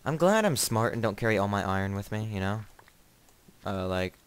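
Young male gamer, slightly low voice, rambling joking commentary, startles easily. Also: expressive, moderate pace, smooth. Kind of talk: casual let's play commentary.

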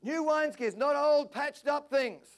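A man preaching a passionate sermon at a church service, climbing to near-shouts. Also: extremely high pitch, unhurried. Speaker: pastor.

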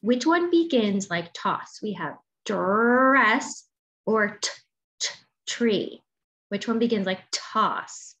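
A woman teaching a phonics lesson to young children, sounding out letters slowly and encouraging them to answer. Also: mid-range voice, expressive, a bit bright. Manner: slow, drawn-out sounding of letters and words; encouraging, asks questions and waits. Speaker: kindergarten teacher. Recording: dull lo-fi audio with faint noise.

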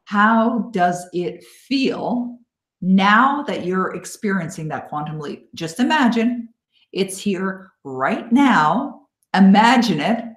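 A woman hosting a live online coaching webinar, encouraging and upbeat, thanking listeners by name and slowing down to guide them. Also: medium pitch, lively intonation. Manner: slow, coaxing guidance in visualization parts. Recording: echoey room.

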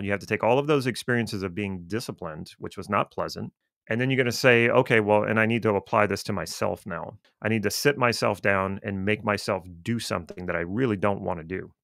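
A man's voice: on the low side, creaky, fairly bright tone, dry recording, clean studio sound. A man who coaches and teaches, explaining ideas to viewers in a conversational, reflective way. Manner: conversational, reflective, with frequent restarts.

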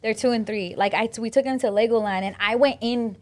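Woman, slightly high voice, podcast co-host, blunt, swears, animated storytelling. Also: brisk. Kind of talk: casual chat. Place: podcast studio.

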